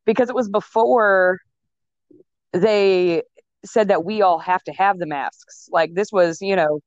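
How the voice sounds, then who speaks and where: A young woman talking in a casual chat as a guest, chatty and quick to laugh, on a dull lo-fi recording. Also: medium pitch, steady tone, no echo. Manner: chatty, laughs often, many fillers. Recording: dull lo-fi sound.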